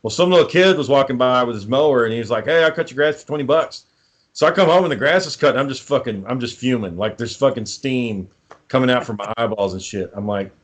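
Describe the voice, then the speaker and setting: A man's voice: medium pitch, animated, brisk. A man co-hosting a casual chat, swearing freely as he tells heated stories about home life. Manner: profane, heated storytelling.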